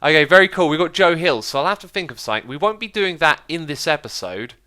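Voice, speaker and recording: A man with a fairly high, bright voice talks through a game session in relaxed commentary. His pitch swoops up and down as he gets excited and laughs often. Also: fast talker. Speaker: Minecraft YouTuber. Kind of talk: casual gameplay commentary.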